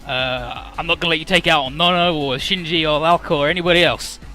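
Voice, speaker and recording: A man doing a blunt young woman leader, earnest, bright voice, soft music. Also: a little high, steady tone, fast.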